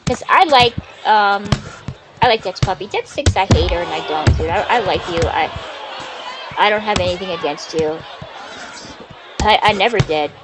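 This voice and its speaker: A woman's voice: medium pitch, lively intonation, normal speed, long pauses, over loud music, rough recording. A woman in her forties from Canada, rambling in casual, profane live-stream chat while she plays a game, saying dude a lot. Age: 40s.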